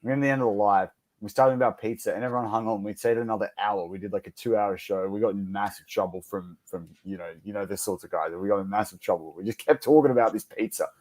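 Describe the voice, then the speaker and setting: A man hosting a casual livestream chat, telling anecdotes in a lively, welcoming way. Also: lowish voice, fast talker, few pauses. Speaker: host.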